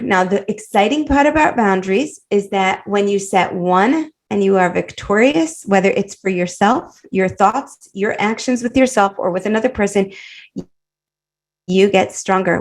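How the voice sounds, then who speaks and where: A woman coach teaching a live online class over a video call, animated and warm, laughing often as she encourages her students. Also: mid-range voice, unhurried. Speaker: women's life coach and teacher.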